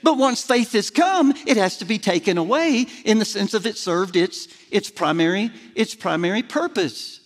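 The recording carries the long hall reverb of a large church sanctuary, where a middle-aged pastor gives a folksy, self-deprecating sermon that builds to emphatic peaks. He speaks high-pitched with lively intonation at a moderate pace, hardly pausing.

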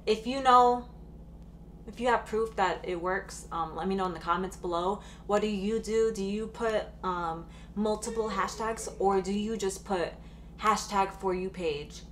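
Woman vlogger, 30s, mid-pitched, chatty and excitable, slight hum on the track. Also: measured pace. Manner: chatty, many "like" fillers, bursts of excitement. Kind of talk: casual storytelling vlog.

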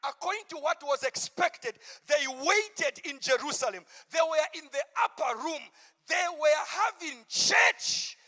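This campmeeting sermon comes from a pastor whose male voice is pitched extremely high, with a long reverb tail around it. Quiet asides give way to shouted, stretched-out proclamations.

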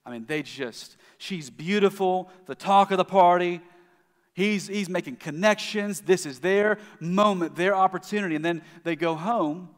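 A man preaching a sermon in a church, his voice a touch higher than most men's. He tells a story in a loose, conversational way, often restarting his sentences. Long reverb from the church hangs on every word. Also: moderate pace. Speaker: pastor. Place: church sanctuary.

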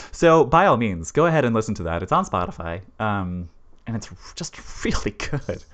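A man's voice: on the low side, big pitch swings, moderate pace, a bit bright. A man running a tabletop horror game, chatting casually and rambling with lots of fillers and restarts. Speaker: game master. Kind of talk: casual pre-show chat.

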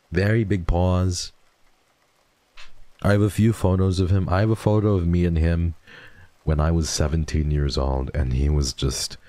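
Young male streamer, very low and warm, close dry mic, repetitive and affectionate. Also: vocal fry, no room sound. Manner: rambling, repeats himself, soft and affectionate about dogs. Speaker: streamer host. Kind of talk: casual livestream chat.

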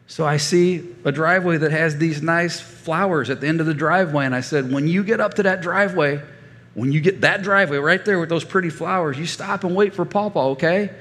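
A man in his fifties preaching a sermon as a folksy storyteller, animated and given to stammered restarts. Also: on the high side, a little fast. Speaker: pastor. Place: church sanctuary. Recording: reverberant church hall.

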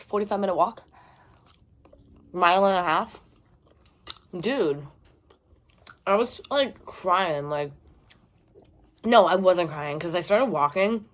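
A young woman vlogger chatting casually while eating, with lots of "like", and acting out her own and others' lines in a higher voice. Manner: chatty, heavy use of "like", acts out dialogue with a raised pitch. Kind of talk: casual storytime chat. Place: indoors at home, eating on camera.

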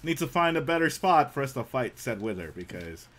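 A young man live-streaming a game, chatting casually, saying "man" often and breaking into loud yelps. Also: mid-range voice, sing-song, a little fast. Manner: laid-back, says "man" a lot, bursts into loud yelps.

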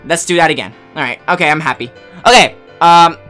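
A man hosting a casual gaming livestream on a headset mic, excitable and swearing, flipping between mock rage and cheerful chat. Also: a little high, a little fast, soft background music. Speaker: streamer host.

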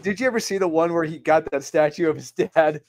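A man's voice: fairly high pitch, fairly quick, no echo. A man co-hosting a casual comics chat, telling stories with laughter. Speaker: co-host.

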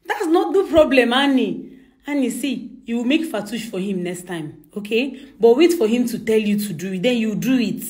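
Coaxing high-voiced woman at home. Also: animated, moderate pace, darkish tone. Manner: insistent, coaxing and laughing. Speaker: employer. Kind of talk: casual conversation. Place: home indoors.

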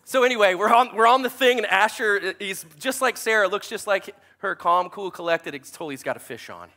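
Animated, bright-voiced pastor. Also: male voice, sits high, fairly quick. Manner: chatty, self-deprecating, animated storytelling. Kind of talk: sermon with storytelling.

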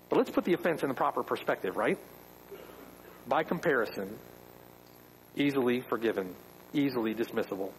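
A man's voice: a little high, a little hiss or hum, poor audio. A man preaching a sermon as pastor, emphatic, with rhetorical questions.

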